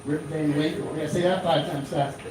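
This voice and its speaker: Man, stand-up comic, high pitch, rambling with fillers, distant mic, echoey room, room noise. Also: steady tone, moderate pace. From Florida. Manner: rambling, with filler words and restarts. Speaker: stand-up comedian. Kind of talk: stand-up comedy set. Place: small comedy club.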